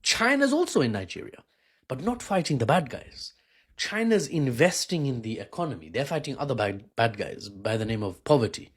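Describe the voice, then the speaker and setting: A man walks through the news in a relaxed, chatty way. He drops wry little asides between points, and his voice sits at an ordinary middle pitch. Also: moderate pace, breathy edge. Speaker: news commentator in the clip. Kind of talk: casual news analysis.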